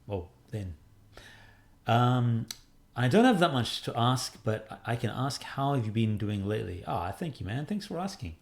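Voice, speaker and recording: A man's voice: medium pitch, very animated, moderate pace, vocal fry. A man in his forties, an indie game developer casually answering fan questions, chatty and self-deprecating with lots of fillers. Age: 40s. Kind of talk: casual Q&A monologue.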